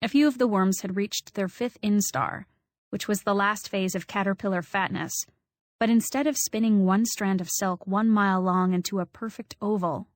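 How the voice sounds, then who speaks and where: A woman's voice: medium pitch, steady tone, moderate pace, dry recording. Wry woman reading an audiobook. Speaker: audiobook narrator. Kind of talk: scripted first-person audiobook narration.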